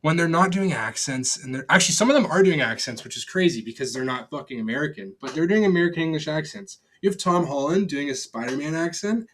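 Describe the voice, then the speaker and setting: A man's voice: on the high side, lively intonation, quick pace, hardly any pauses, fairly bright tone. A young man giving a casual, rambling film review, blunt and profane, with lots of fillers and restarts. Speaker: movie reviewer.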